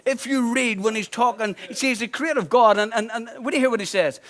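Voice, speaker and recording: High-voiced preacher. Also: male voice, fast talker, fairly bright tone. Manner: emphatic, repeats key phrases, conversational with humor. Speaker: pastor. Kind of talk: sermon.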